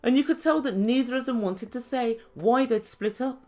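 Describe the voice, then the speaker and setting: A woman recapping reality TV episodes in a sarcastic, gossipy tone with dramatic pauses. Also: on the high side, darkish tone. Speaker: reality TV reviewer.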